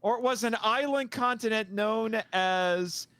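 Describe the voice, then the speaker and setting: A man's voice: sits high, measured pace, fairly bright tone, smooth, dry recording. A man co-hosting a podcast, chatting casually and meandering, laughing easily. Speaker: podcast co-host.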